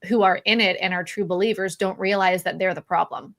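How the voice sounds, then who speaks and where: A woman's voice: mid-range voice, fairly even intonation, brisk, a bit bright. A woman co-hosting a casual live-stream chat, speaking candidly, laughing often and restarting her sentences. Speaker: podcast co-host.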